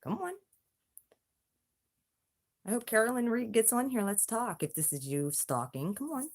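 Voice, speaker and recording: A woman's voice: fairly high pitch, big pitch swings, brisk. A woman hosting a casual livestream chat, drawling and taunting as she dares her viewers to speak up. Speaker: YouTube livestream host.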